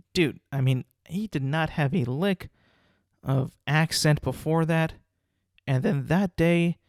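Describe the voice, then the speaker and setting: A man's voice: on the high side, dry recording, studio quality. Rambling, profane young male podcast host. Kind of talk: casual solo podcast monologue.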